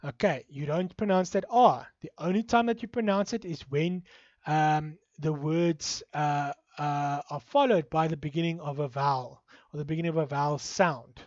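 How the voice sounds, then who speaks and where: A man's voice: fairly high pitch, normal speed, darkish tone, no echo, lo-fi sound. A man with an Afrikaans accent from South Africa, giving a recorded university lecture, hesitant and full of fillers.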